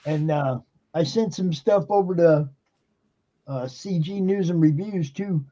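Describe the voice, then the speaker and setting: Warm and a little high, a bit slow in delivery, the voice belongs to a man running a live stream as its host. His computer mic cuts off the highs, and he chats casually and emphatically, swearing and using lots of fillers.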